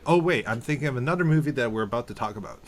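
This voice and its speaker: Animated man hosting a podcast. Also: mid-range voice. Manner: animated, rambling with many restarts. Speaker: podcast host. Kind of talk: casual podcast chat.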